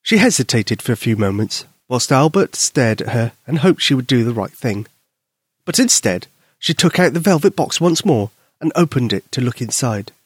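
A man gently and expressively narrating a children's story. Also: medium pitch, breathy edge, no echo.

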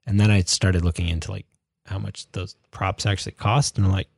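Low-voiced man, casual rambling chat. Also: little pitch movement, fairly quick, vocal fry, husky, dry recording, studio quality. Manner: rambling, many fillers and restarts. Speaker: podcast co-host.

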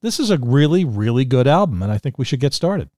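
A man's voice: medium pitch, very animated, fast talker, warm tone, no room sound, studio quality. A man hosting a podcast, chatting casually and enthusiastically over a video call. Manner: enthusiastic, reads out quotes. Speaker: podcast host.

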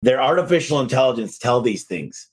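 A man who owns a garage door business, telling energetic stories in a podcast conversation. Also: mid-range voice, a little fast, husky. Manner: energetic storyteller, acts out phone calls.

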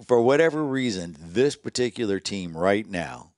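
A man's voice: fairly low pitch, expressive, normal speed, no room sound, clean studio sound. A man co-hosting a casual sports podcast, encouraging and reflective, with short agreeing replies. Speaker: podcast co-host.

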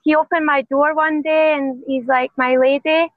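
Soft-spoken high Scottish woman on a tinny line. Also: little pitch movement, moderate pace, dry recording. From Scotland. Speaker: professional fighter guest. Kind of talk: interview answers.

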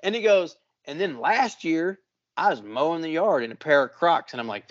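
A fairly high-voiced man tells a rambling story, swearing constantly and animated as he goes. The sound is a little dull and lo-fi, like a modest podcast setup. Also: normal speed. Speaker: podcast co-host. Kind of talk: casual storytelling.

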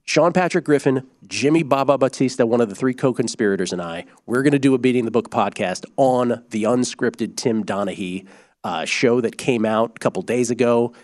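A man hosting a sports betting podcast, explaining bets in an animated, casual way with quick asides. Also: mid-range voice, no echo, clean studio sound.

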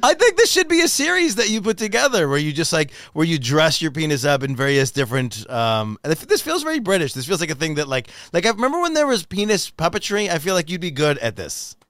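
A man hosts a relaxed, playful conversation, his voice sitting a little high and swinging widely in pitch as he jokes and laughs. The sound is dry and close to the mic. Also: quick pace, few pauses, dry recording. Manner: animated, playful, laughs often. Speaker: podcast host. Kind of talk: casual chat.

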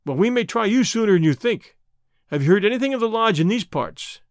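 A man's voice: sits high, expressive, a little fast, dry recording, clean studio sound, voice pushed up. A man reading an audiobook, voicing a domineering, menacing middle-aged gang boss who interrogates and blusters. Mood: probing.

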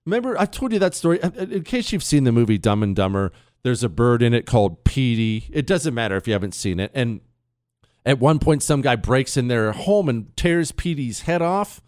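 A man hosting a talk radio show, telling stories in a casual, animated way and laughing at his own jokes. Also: medium pitch, brisk, dry recording, clean studio sound. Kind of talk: casual storytelling monologue. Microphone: studio mic.

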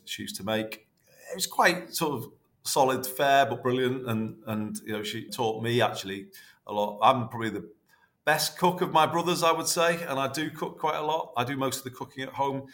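A man, chatting warmly and rambling as a podcast guest, full of restarts. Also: medium pitch. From North West England. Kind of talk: casual interview reminiscing.

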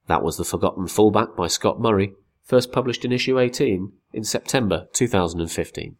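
A man with a fairly low voice reads a football magazine article aloud as scripted narration. His delivery is measured and wry, like a storyteller.

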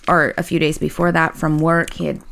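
A woman's voice: low-pitched, level tone, fairly quick, gravelly, a bit bright, slight background noise. A woman chatting casually and bluntly, swearing freely and tossing in dry interjections. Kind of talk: casual chat.

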